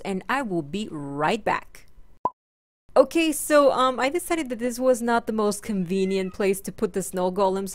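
A woman hosting a gaming channel, chatting casually and playfully through her game and talking to her in-game pets. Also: a little high. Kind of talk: casual let's-play commentary.

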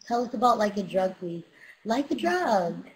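A young woman talks straight to her fans on a casual livestream, hyped up and swearing freely as she gives them a pep talk. Her voice sits at an ordinary middle pitch for a woman and comes through a webcam mic. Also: sing-song, moderate pace, rough recording. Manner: hyped, profane, motivational. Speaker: rapper streaming to fans.

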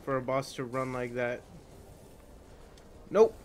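A young man streaming a video game, shouting and yelping excitably at enemies with lots of swearing. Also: mid-range voice, slow, clean tone. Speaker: gaming streamer. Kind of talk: live game-stream commentary.

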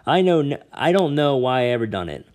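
A man voicing a fierce, defiant young girl who talks in a rough dialect, close to tears. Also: mid-range voice, big pitch swings, brisk, a little mellow, pitched above the performer's own voice, natural voice. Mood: tearful, furious. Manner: rough dialect speech, ain't and me own.

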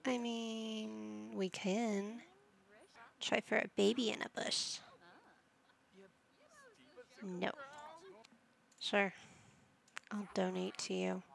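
A woman's voice: medium pitch, steady tone, extremely slow, vocal fry, long pauses. A woman gaming YouTuber giving chatty let's play commentary, narrating each move she picks. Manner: chatty, narrating her own game moves.

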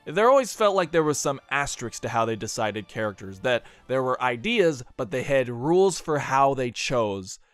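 A man's voice: mid-range voice, very animated, moderate pace, hardly any pauses, dry recording, faint music behind. A man giving scripted video essay narration, slipping in dry, joking asides.

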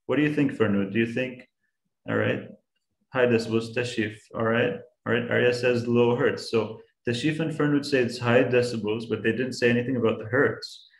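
With a gravelly, medium-pitched voice, fairly even intonation and normal speed, this science guest speaker teaches kids online. He patiently encourages them and poses questions as he explains, in a reverberant recording.

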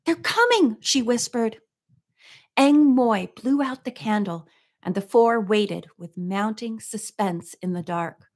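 A woman reads a mystery novel aloud at a steady, even pace. She narrates plainly in a mid-range voice and stays in the telling. Now and then she steps out of the book with a soft, chatty comment. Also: mid-range voice, a little slow. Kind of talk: reading a book aloud with casual asides.

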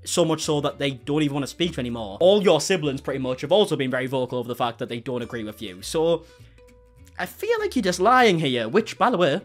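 A man's voice: fairly high pitch, big pitch swings, fast talker, faint music behind. Sarcastic swearing man reacting to clips. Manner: sarcastic, incredulous, swears often. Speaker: commentary YouTuber. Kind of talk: reaction commentary.

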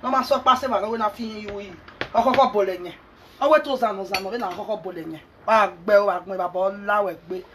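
A woman's voice: medium pitch, quick pace, noisy background. A woman ranting angrily at her followers, scolding and mixing pidgin with local language. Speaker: social media commentator. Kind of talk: angry rant to followers.

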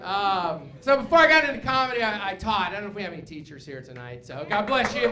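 A man's voice: high voice, big pitch swings, brisk, few pauses, bright, forceful tone, roomy sound. A young man from New Mexico doing a stand-up set on a club stage, with punchy jokes and asides to the crowd. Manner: punchy joke delivery with fillers and crowd asides. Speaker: stand-up comedian. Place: comedy club stage with laughing audience. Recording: live club recording with crowd noise.

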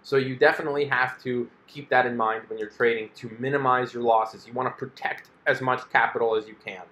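A man's voice: mid-range voice, fairly even intonation, fairly quick, sharp tone, echoey room. A man hosting a personal finance video, explaining things in a casual monologue and acting out an investor's inner voice. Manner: chatty, acts out an investor's inner voice in quotes.

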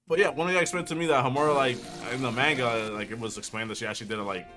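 A young man reacting to a film, excitable and slangy, blurting confused outbursts as he watches. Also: mid-range voice, very fast. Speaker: anime reactor. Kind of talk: reaction video commentary. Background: film soundtrack music.

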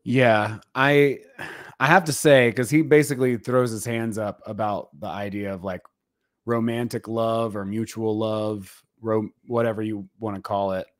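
A man co-hosting a podcast in casual, rambling conversation, full of fillers and throat clearing. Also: lowish voice, steady tone, a little slow, dry recording, clean studio sound. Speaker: podcast co-host.

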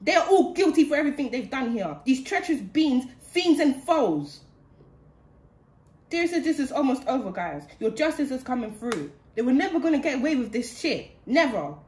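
A woman's voice: sits high, big pitch swings, normal speed, darkish tone. A woman giving a channeled spiritual reading in an indignant, heated way, repeating phrases for emphasis. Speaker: spiritual card reader. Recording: roomy echo.

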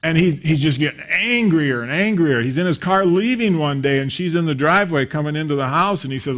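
A man in his fifties preaches to a congregation, his voice sitting a little high for a man. He moves from plain talk into story, putting on the voices of the people in his anecdotes. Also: animated, brisk, few pauses, a bit bright. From grew up attending a small country church. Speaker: pastor. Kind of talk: sermon.

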